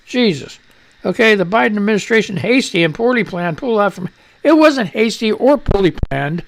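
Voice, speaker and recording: Man, gravelly voice, profane ranting radio host, reads news, mic distance keeps changing. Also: sits high, expressive, moderate pace. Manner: profane, irritable rant, fiddling with the mic. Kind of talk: unscripted live radio talk and news reading. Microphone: studio microphone at shifting distance.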